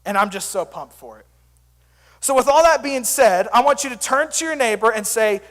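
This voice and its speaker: A young youth pastor preaches to a crowd of teens, with a very high-pitched voice for a man. He tells funny stories and keeps the energy up. His voice rings with the long reverb of a hall. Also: fairly quick. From Sand Springs area, US. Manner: energetic, joking storyteller. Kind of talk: youth sermon.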